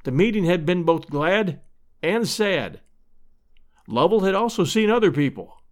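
A man's voice: high voice, expressive, a little slow. A man reading an old-fashioned story aloud as narrator. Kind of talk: audiobook narration.

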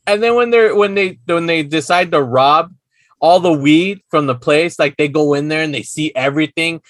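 A man co-hosting a podcast in casual chat, animated and laughing often as he acts out scenes. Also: a little high, normal speed, no room sound, clean studio sound. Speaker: podcast co-host. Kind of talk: casual chat recapping a show.

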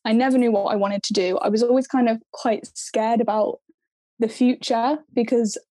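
A woman's voice: on the high side, steady tone, moderate pace, mellow, no echo. A young woman from northern England, a guest chatting casually and giggling often about her craft. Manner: giggly, chatty, self-deprecating. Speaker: guest, egg decor maker. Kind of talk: casual chat.

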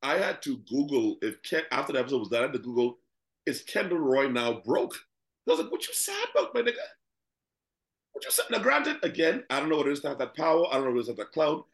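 Dude cohosting a podcast, cusses a lot, voice jumps all over, roomy echo on the mic. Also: male voice, fast. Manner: profane, animated, laughing, jumps into high-pitched quotes. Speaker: podcast co-host. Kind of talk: casual chat.

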